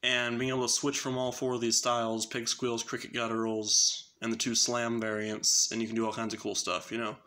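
A man's voice: medium pitch, completely flat delivery, a little fast, few pauses, noisy background. A man casually explaining extreme metal vocal technique in a loose, rambling way, with lots of fillers. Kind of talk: casual spoken tutorial.

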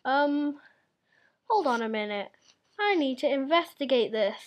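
Young woman, high voice, giggly, teasing, casual gaming chat. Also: expressive, measured pace. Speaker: gaming channel host.

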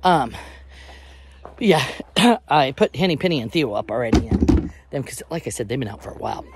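A woman's voice: rumbling low, animated, normal speed, heavy background noise. A woman vlogging from her small farm, chatting casually to viewers while scolding and coaxing her chickens as she does chores outdoors. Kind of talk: casual vlog narration while doing chores. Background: clucking chickens and birds.

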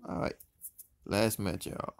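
A man giving casual, excitable commentary while playing a mobile game, swearing often and swinging between loud outbursts and low mutters. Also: takes it slowly, slight background noise.

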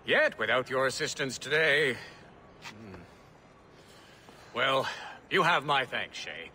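A man's voice: medium pitch, lively intonation, slow pace, sharp tone, slight background noise, full character voice. A courteous old statesman. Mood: grateful. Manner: formal, polite old-fashioned speech. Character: courteous older male statesman, grateful. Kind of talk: video game dialogue.

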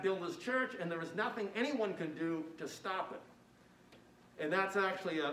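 A male pastor delivers a sermon in a high voice, reading scripture with rising emphasis and then explaining it plainly. He often says "uh" between phrases. The church room echoes, and he sounds far from the mic. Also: a bit bright. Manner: uses fillers like "uh" often. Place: church sanctuary.

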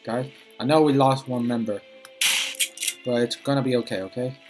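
A man hosting his own gaming channel, giving flustered, excitable let's-play commentary that often repeats itself. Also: medium pitch, moderate pace, music in the background.

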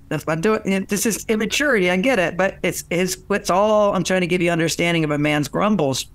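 An older man, a relationship author being interviewed, telling anecdotes in lively conversational style and acting out quoted voices with many restarts. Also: sits high, fairly quick, no echo. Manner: animated, acts out quoted voices, frequent restarts.

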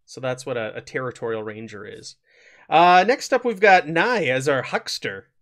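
A man's voice: mid-range voice, animated, normal speed, fairly bright tone. A man hosting and narrating a tabletop role-playing session in an upbeat, chatty way. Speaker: game master.

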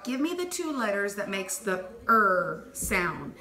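A woman teacher leading a phonics dictation lesson, clearly sounding out letters and words and praising answers. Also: mid-range voice, very animated, slow, sharp tone. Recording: echoey room with faint noise.

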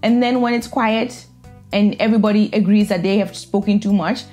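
A woman's voice: mid-range voice, fairly even intonation, brisk, darkish tone, faint music behind. A woman vlogger giving casual, opinionated reaction commentary in a blunt, sassy way.

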